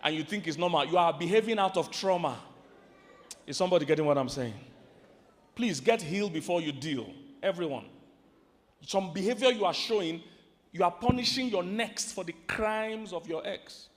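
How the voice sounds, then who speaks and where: A Nigerian-accented man sermonizes about marriage before a crowd in a big hall, and his voice rings with long reverb. His pitch sits high, and he snaps from loud emphatic lines to quiet asides while throwing questions at the listeners. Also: normal speed. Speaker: marriage preacher. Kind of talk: sermon to a live audience. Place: large hall with an audience. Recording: hall reverb from a large venue.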